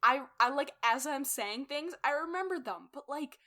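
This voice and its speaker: A woman's voice: high-pitched, animated, normal speed, pushed and bright. A young woman co-hosting a casual book podcast, rambling through a chapter summary with lots of fillers and giggles. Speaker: podcast co-host. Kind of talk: casual book-club chat.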